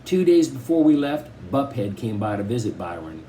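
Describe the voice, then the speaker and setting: With a slight hum or hiss underneath, a man at a moderate pace reads a children's novel as an audiobook narrator. His scripted storytelling is expressive, and his pitch moves around as he goes.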